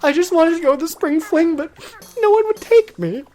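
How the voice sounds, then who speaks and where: A woman's voice: animated, normal speed, sharp tone, heavily acted. Woman putting on a whiny lonely villain scientist. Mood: self-pitying. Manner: high, pleading, self-pitying.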